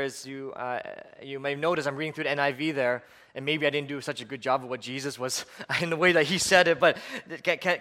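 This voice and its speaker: Man, middle-aged pastor, sermon, earnest and urgent, repeats phrases, fillers, slightly high voice, long church reverb. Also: pushed and bright. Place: church sanctuary.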